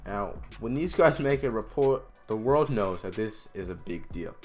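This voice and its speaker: A man's voice: lowish voice, animated, moderate pace, darkish tone, soft background music. A teenage boy in a casual explainer vlog, chatty and emphatic, with restarts and side remarks. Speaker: student presenter.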